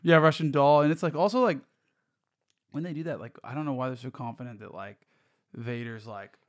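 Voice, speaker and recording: A man's voice: mid-range voice, dry recording. A man in dry, close podcast chat. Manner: animated, swears casually, quick opinions. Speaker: podcast co-host. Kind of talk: casual chat.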